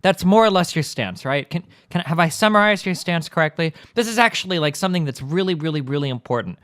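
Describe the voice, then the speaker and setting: Sweary sarcastic guy ranting on stream, bright lively voice, dry close mic. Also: a little high, quick pace, dry recording. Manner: profane, combative, sarcastic. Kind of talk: ranting commentary.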